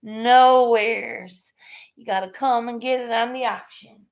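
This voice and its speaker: A woman's voice: a little high, fairly even intonation, slow pace, creaky. A woman chatting casually with viewers on her live stream, laid-back and chatty. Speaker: live stream host and artist.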